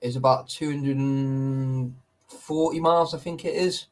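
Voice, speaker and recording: A man's voice: mid-range voice, steady tone, measured pace, darkish tone. Sweary man, laughing banter. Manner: sweary, laughs a lot, says "mate" constantly. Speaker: urban explorer on a live stream. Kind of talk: casual banter.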